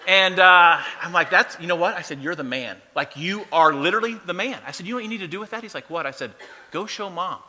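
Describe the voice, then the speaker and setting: A man's voice: high voice, fast, few pauses, background noise. A man in his thirties telling a funny family story from the stage, playful and self-mocking. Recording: long hall reverb.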